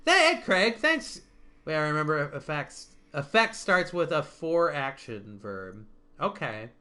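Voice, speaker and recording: A man's voice: a little high, big pitch swings, takes it slowly, sharp tone. A man hosting a casual online chat, rambling with restarts and frequent laughter. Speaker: stream host.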